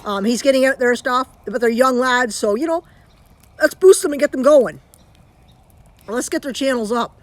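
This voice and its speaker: A woman's voice: sits high, moderate pace, long pauses, dry recording. A Canadian woman chatting casually on a live stream from home, rambling and restarting her sentences as she talks into her phone.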